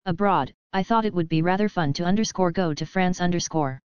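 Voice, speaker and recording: A woman gives voice to a cheerful, adventurous father who captains his family's magical car like a ship. He explains things firmly and patiently in a smooth, low-set voice. The recording is dry and a touch dull. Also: a little fast, a little mellow, dry recording, close to an everyday voice.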